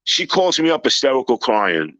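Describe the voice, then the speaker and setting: Man, panel guest, bright dry voice, halting then loud when he acts out scenes. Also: medium pitch, very animated, no room sound, poor audio. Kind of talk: casual storytelling.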